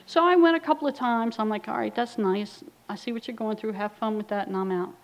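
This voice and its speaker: A woman's voice: fairly high pitch, a little fast, rough recording. A middle-aged woman giving a personal recovery testimony, telling her story bluntly and wryly, with quoted asides. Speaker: recovery speaker.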